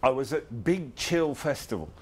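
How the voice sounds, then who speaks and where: An Englishman in his fifties, a guest speaker, gives an informal talk with a mid-range, slightly rough voice at a moderate pace. He's animated, wry and self-deprecating, often chuckling as he tells his story.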